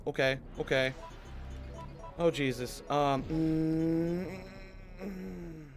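A man's voice: fairly high pitch, little pitch movement, drawn-out words, faint music behind. A man playing a survival horror game, pleading and swearing as he commentates. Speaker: gaming YouTuber. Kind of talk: let's play commentary.

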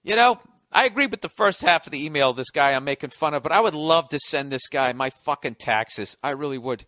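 Sarcastic, high-voiced man ranting. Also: expressive, fairly quick, bright, forceful tone, dry recording, clean studio sound. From United States. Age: 40s. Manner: sarcastic, profane, mock-outraged. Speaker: podcast host. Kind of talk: sarcastic solo podcast rant.

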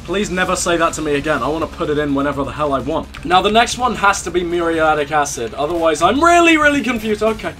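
A man's voice: on the high side, expressive, fast, few pauses, bright, forceful tone, faint music behind. A young man hosting a let's play, cracking crude jokes in casual gameplay commentary. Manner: joking, crude banter with laughs.

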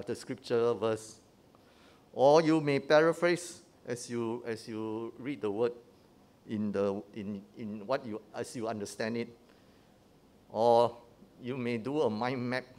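Conversational preacher checking in with listeners. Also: male voice, medium pitch, unhurried, a little mellow. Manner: conversational, checks in with "huh?" and "right?"; often restarts and repeats words. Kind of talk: teaching sermon.

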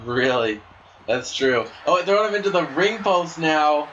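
A man giving play-by-play commentary on a wrestling video game, excitable and breaking into shouts at big moves. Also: a little high, unhurried, lo-fi sound. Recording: steady background noise.

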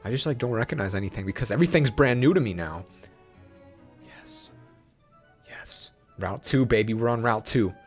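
A young man hosting a gaming channel, giving excited, playful let's-play commentary and talking to the game. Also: mid-range voice, moderate pace, long pauses, faint music behind. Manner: hyped, playful, talks to the game.

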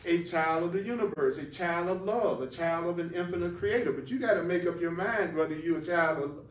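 A man's voice: a little high, a little fast, slight background noise. A man teaching a spiritual class emphatically, repeating phrases for stress. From United States. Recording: echoey room, voice far from mic.

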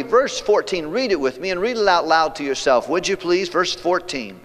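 A man preaching a sermon as pastor, reading scripture aloud and leading the congregation, moving between loud preaching and hushed passages. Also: fairly high pitch, animated, moderate pace, few pauses. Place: church sanctuary. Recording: long hall reverb, church sanctuary.

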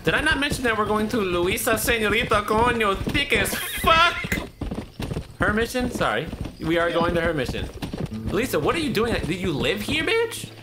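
A man giving casual commentary over a video game, excitable and profane, with sudden shouted outbursts. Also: sits high, moderate pace, noisy background. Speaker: gaming YouTuber. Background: game music and horse hooves.

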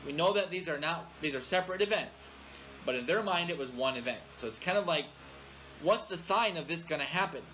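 Male pastor, high and bright voice, expository sermon with "all right?" check-ins, faint noise. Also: lively intonation, fairly quick, poor audio. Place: church.

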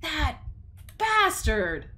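A woman's voice: sits high, wildly swooping pitch, drawn-out words, pushed and bright. A young woman streaming a horror game, jumpy and tense, swearing and talking to herself and her chat. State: tense and sweaty. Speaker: gaming streamer. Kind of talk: horror game playthrough commentary.

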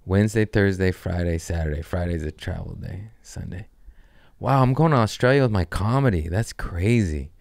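A man's voice: sits low, moderate pace, gravelly, a little mellow, no room sound, studio quality. Loose, jokey man around forty. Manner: loose, jokey, profane, riffing off the cuff. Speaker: comedian podcast host. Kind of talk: rambling casual chat.

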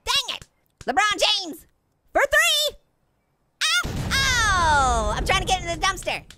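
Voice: extremely high pitch, sing-song, takes it slowly, heavy background noise, heavily acted. A performer voicing a hyper, giggly cartoon orange who jokes nonstop while commentating a video game. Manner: giggly, goofy, hyper, constantly cracking jokes. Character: hyper talking orange fruit, cartoon prankster, gleeful. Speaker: gaming let's-play host. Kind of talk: excited gameplay commentary.

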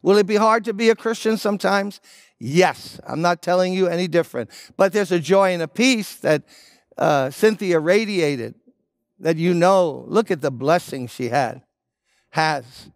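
An older man preaching a sermon as pastor, speaking earnestly and pleading directly with listeners, then leading them in a slow prayer. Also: high-pitched, dry recording, studio quality. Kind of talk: sermon with altar-call prayer.

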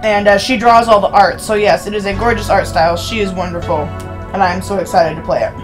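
A woman's voice: medium pitch, steady tone, fast talker, over music. A woman, chatting casually and rambling to her viewers while streaming a game. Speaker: streamer playing a visual novel. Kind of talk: casual live-stream chat.

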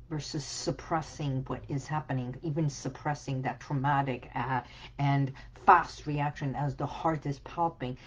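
Woman wellness coach, husky and lowish voice, unhurried soothing delivery. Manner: slow, soothing, with soft whispered affirmations. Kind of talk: motivational talk to camera.

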